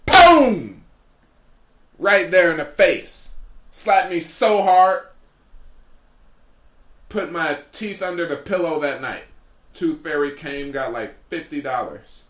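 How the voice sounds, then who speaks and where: A man's voice: fairly high pitch, slow pace, long pauses. A man doing a rambling comedic storytelling monologue as a podcast host, drifting off on tangents. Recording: roomy echo.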